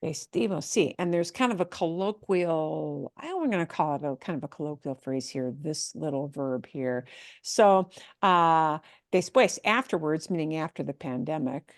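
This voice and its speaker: A woman's voice: sits low, moderate pace, no echo. A woman leads a Spanish lesson and explains pronunciation patiently, moving back and forth between Spanish and English. Her voice is close and dry, with no room sound. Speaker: Spanish teacher. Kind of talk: online language class.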